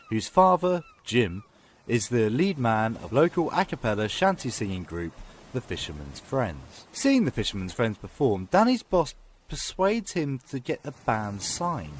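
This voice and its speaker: A man's voice: medium pitch, slightly rough. A man co-hosting a film podcast, chatting casually and reading out a scripted review, with plenty of ums. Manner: animated, with lots of ums and laughs.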